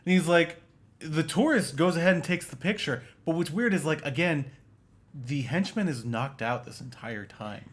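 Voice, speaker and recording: A man's voice: a little high, expressive, moderate pace. A man co-hosting a casual podcast, rambling sarcastically about a movie with lots of fillers and restarts. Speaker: podcast co-host. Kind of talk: casual film-review banter.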